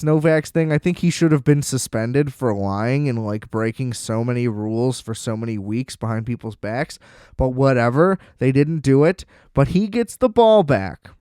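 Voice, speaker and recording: A man's voice: on the high side, darkish tone, clean tone, dry recording, studio quality. A man hosting a podcast, ranting about football in a blunt, profane, sarcastic way. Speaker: podcast host. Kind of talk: ranting sports commentary.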